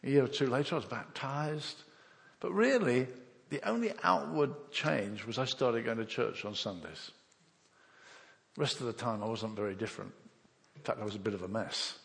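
An older Englishman preaches a sermon, sharing his own conversion story and acting out the voices and thoughts of the people involved. His medium-pitched voice is creaky and a bit bright, with lively intonation at a normal speed, and it carries a big-room sound.

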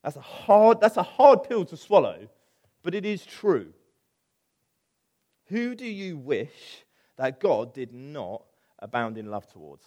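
A middle-aged man preaching a conversational sermon, animated, with asides. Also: fairly high pitch, slow pace, long pauses. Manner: animated, acts out quoted voices, conversational with asides.

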